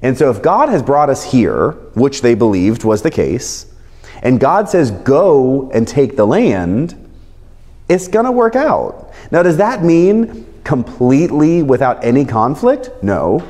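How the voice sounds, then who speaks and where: A man's voice: mid-range voice, very animated, measured pace, darkish tone. A man teaching a Bible passage in a conversational way, explaining it through everyday examples. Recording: long hall reverb.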